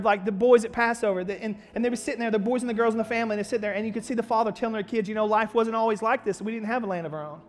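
A male pastor delivers a sermon in a quick, high voice, moving from storytelling to loud, emphatic preaching. His words ring out in a reverberant church hall while soft music plays underneath. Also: steady tone.

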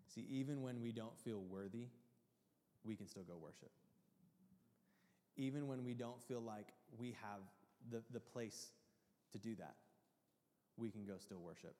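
A man preaching a sermon, earnest and openly emotional, dropping to a hush and then rising loud and high. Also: measured pace, pauses often, long reverb tail. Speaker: pastor.

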